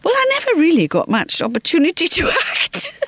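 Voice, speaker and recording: Laughing woman telling lively stories. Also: high voice, a little fast, no room sound. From Liverpool, England. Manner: laughs often, lively comic storyteller. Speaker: interview guest. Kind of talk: anecdotal storytelling.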